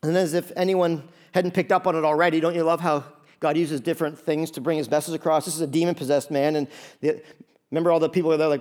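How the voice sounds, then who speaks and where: Male pastor, high voice, lively, jokey sermon delivery. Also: fast. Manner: animated, joking, conversational. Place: church before a congregation.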